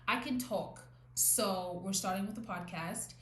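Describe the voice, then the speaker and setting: A woman's voice: medium pitch, steady tone, moderate pace. Rambling young woman podcast host. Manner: rambling, self-correcting, restarts often. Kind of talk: casual solo podcast talk. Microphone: new podcast mic. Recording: echoey room, faint background noise.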